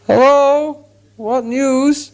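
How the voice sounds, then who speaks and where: A man's voice: fairly high pitch, normal speed, warm tone, lightly acted. A man reading an audiobook, voicing a small, anxious male hobbit with a shaky, hesitant manner. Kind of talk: audiobook character voice.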